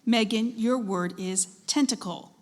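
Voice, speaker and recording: A woman serving as a spelling bee pronouncer, reading words and definitions clearly and encouraging the contestants. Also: on the high side, a little slow, noisy background. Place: school event hall. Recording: echoey hall with long reverb.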